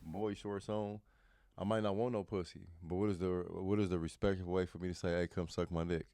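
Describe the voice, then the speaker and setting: A man with a low voice talking quickly on a studio podcast. He is blunt and crude in a casual way. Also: level tone, mellow.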